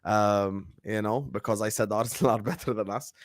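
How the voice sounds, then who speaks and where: A man's voice: on the low side, normal speed. Bantering man hosting a live call-in stream. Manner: banter, animated introductions and teasing. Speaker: host. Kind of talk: casual chat. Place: home studio, virtual stadium background. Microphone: video call stream. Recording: dry, close with no room echo.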